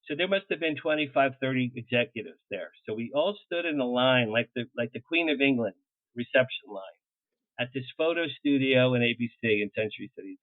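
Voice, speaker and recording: An older man telling showbiz stories as an interview guest, animated and quick to laugh, slipping into little acted bits of what others said. His voice sits at an ordinary middle pitch. It comes through a thin, phone-like line with a dry, close sound. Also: dry recording. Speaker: publicist guest. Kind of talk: anecdotal storytelling in an interview.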